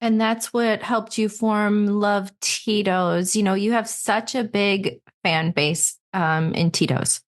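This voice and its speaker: Slow-talking woman host. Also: medium pitch. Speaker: podcast host. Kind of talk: interview questions.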